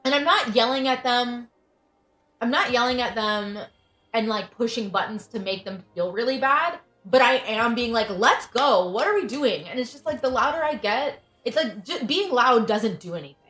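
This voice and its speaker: Venting with frustration and often starting over, a thirtysomething woman hosts a livestream in casual chat. Her voice sits on the high side, a bit bright, at a moderate pace. Faint music lingers behind her in an echoey room.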